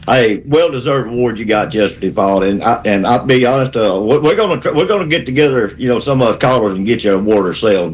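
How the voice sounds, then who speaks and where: A man, from Alabama, calling in to a sports radio show with a rambling, fired-up pep talk. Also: mid-range voice. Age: 60s. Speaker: caller.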